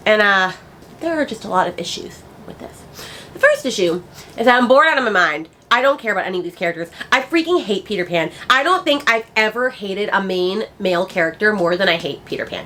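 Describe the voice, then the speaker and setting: A woman's voice: fairly high pitch, sharp tone. Ranting chatty woman book vlogger. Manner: chatty, ranting, exasperated asides. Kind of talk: casual chat.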